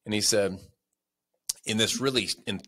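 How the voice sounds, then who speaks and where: A man's voice: lowish voice, steady tone, a little slow, pushed and bright, slightly rough. A man as a podcast guest, telling a story with energy and closing with a motivational speech. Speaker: guest, sales leader.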